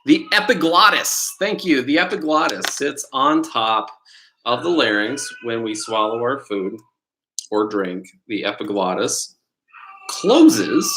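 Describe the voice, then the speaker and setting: A middle-aged man with a bright, forceful, mid-range voice teaches exam prep in a live-stream quiz lesson. He rambles casually and fires questions at viewers. The recording, from a computer mic on the stream, is rough with slight background noise.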